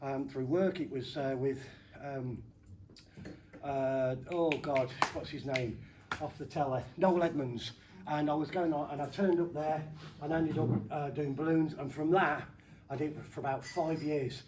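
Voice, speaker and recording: Excitable high-voiced comic magician. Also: male voice, unhurried, noisy background. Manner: excitable and playful, with sudden loud bursts and jokey asides. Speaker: comedy magician. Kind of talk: stand-up magic act with audience banter.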